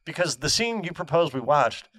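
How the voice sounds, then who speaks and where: A man's voice: fairly high pitch, big pitch swings, normal speed, fairly bright tone. A man co-hosting a comedy podcast who argues like a mock prosecutor and stumbles over his words. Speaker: podcast co-host. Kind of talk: casual comedic debate.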